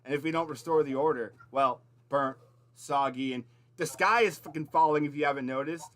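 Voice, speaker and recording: A man's voice: on the high side, brisk, a bit bright, natural voice. A man voicing a cocky, flippant male rogue who talks in slangy banter.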